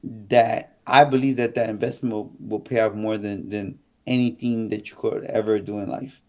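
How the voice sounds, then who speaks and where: A man who was once a kingpin, talking on a live stream as a guest. He tells animated, rambling stories with lots of restarts and swearing. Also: on the low side, moderate pace. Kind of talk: casual storytelling on a live stream.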